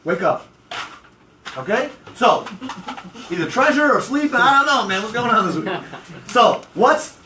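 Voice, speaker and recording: A man's voice: very high voice, bright, forceful tone, slight background noise. A man leading a sales training for a group, brash and emphatic, acting out what customers say. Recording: echoey room, mic far off.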